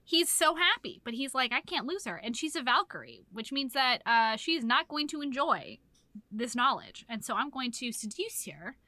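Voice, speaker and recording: Lively high-voiced woman recapping a book. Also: normal speed, no echo. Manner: animated storytelling, acting out characters with lots of swearing and laughter. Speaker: podcast co-host. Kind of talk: casual book chat.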